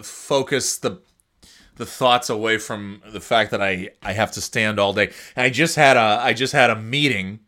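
A middle-aged man rambling casually and jokingly on his own show, standing at a desk microphone indoors. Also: mid-range voice. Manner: rambling, joking, lively impressions. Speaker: vlogger. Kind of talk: casual solo rant.

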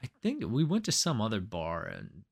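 A man's voice: fairly low pitch, wildly swooping pitch, normal speed, gravelly, husky. A young man co-hosting a podcast, telling crude, profane drinking stories in casual chat. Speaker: podcast co-host.

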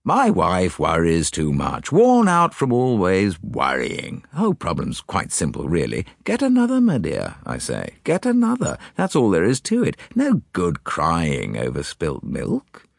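A man's voice: low-pitched, wildly swooping pitch, a little slow, vocal fry, few pauses, no echo, clean studio sound, exaggerated voice. A man voicing a vague, melancholy husband in his forties who talks in a hesitant, dismissive way.

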